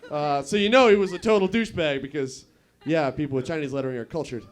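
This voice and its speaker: Young guy doing open mic standup, kinda high voice, crude rambling jokes, chats with the crowd. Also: fast. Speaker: stand-up comedian.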